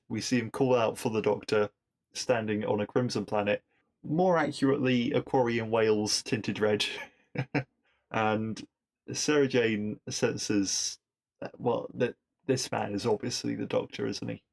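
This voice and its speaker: A man hosting a podcast, recapping a TV episode in a chatty, enthusiastic solo talk with quick asides. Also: medium pitch.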